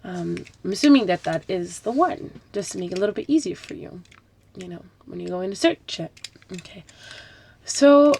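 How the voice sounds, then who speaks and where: A woman's voice: lowish voice, lively intonation, moderate pace, vocal fry, darkish tone, a little hiss or hum. A woman hosting a live broadcast, talking about faith in a chatty, conversational way, with asides and rhetorical questions. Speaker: host of an Islamic talk broadcast. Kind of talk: casual religious talk. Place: home, packing up with rustling noise.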